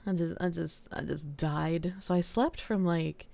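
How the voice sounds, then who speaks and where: Sleepy, slow-talking woman streamer. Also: fairly even intonation, gravelly, mellow, dry recording. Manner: sleepy, low-key; swears casually, thanks viewers by name. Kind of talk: casual live-stream chat. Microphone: desk mic with gain turned up.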